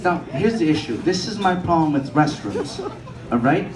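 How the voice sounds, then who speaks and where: A man's voice: fairly high pitch, lively intonation, moderate pace, crowd noise. A young man performing a stand-up comedy set, telling profane stories and acting out the people in them. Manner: profane storytelling, acts out quoted people. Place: comedy club stage. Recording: echoey room, mic from a distance, audience laughter. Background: audience laughing.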